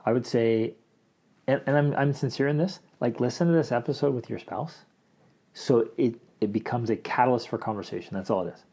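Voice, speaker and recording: A middle-aged man co-hosting a podcast in casual chat, talking in an animated way and acting out the lines he quotes. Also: mid-range voice, moderate pace. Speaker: podcast co-host.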